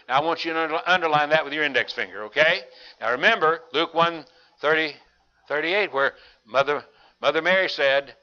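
A man's voice: fairly high pitch, animated, normal speed, long pauses, sharp tone. A man who preaches a Bible study in a folksy, conversational way, often repeating and restarting phrases. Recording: dull lo-fi recording.

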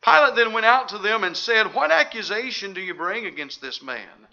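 Male preacher, high voice, very bright and sharp, emphatic scripture reading, dull lo-fi recording. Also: expressive, moderate pace, gravelly. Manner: emphatic, asks rhetorical questions while reading.

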